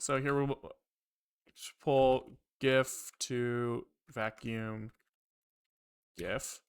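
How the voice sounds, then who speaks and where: Here a programming livestreamer speaks very slowly, his medium-pitched voice steady, clear and resonant. Coding live, he muses aloud with a rambling, profane streak and sends wry comments to his chat, keeping the talk casual.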